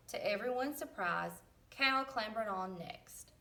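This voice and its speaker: An unhurried woman reads a farm picture book to young listeners and stops now and then to ask them questions. She jumps into bright, playful voices for the animals. She sits a little back from the microphone. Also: mid-range voice, distant mic. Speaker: teacher reading aloud. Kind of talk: read-aloud storybook with questions.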